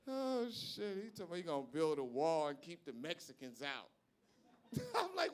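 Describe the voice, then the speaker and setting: A male stand-up comedian performing live on a club stage, brash and profane, shouting his punchlines. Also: extremely high pitch, sing-song, measured pace, vocal fry, long pauses.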